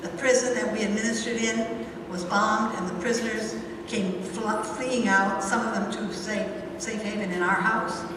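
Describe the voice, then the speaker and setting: An older woman giving a chapel sermon, telling earnest stories with slow, emphatic phrasing. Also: medium pitch, steady tone. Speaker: chapel speaker. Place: large college chapel. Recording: distant, very echoey hall with noise.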